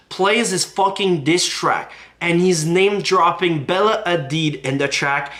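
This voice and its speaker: Bright-voiced man ranting a drama recap. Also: a little high. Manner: profane and indignant. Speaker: YouTube commentator.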